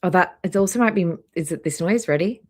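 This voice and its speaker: A woman's voice: lowish voice, fairly quick, breathy edge. Chatty woman greeting her live chat. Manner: chatty, greets viewers by name one after another. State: slightly hoarse, clearing throat. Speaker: livestream host. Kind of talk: casual live stream chat. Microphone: laptop microphone near trackpad.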